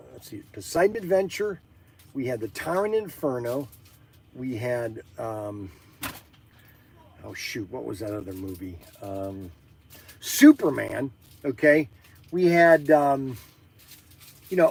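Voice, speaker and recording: A man hosting a live stream in casual chat, rambling and excitable with many fillers. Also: fairly high pitch, dry recording.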